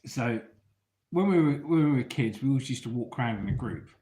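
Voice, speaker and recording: With a mellow, expressive mid-range voice and a fairly quick delivery, an English storyteller vlogger recounts tales from his younger days. He keeps things chatty and casual for his online viewers, frequently checking in with them, in a room with noticeable echo.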